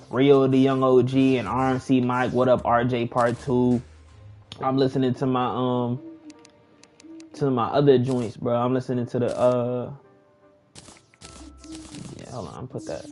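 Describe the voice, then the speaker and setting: Animated young man telling a story while gaming. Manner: animated slangy storyteller, jumps high when excited. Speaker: gaming vlogger.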